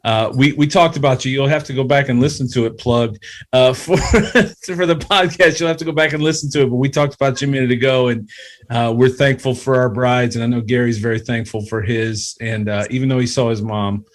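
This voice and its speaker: A man hosting a podcast interview over a call, talking haltingly with many restarts and getting choked up. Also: mid-range voice, steady tone. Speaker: podcast host. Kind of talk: emotional casual interview chat.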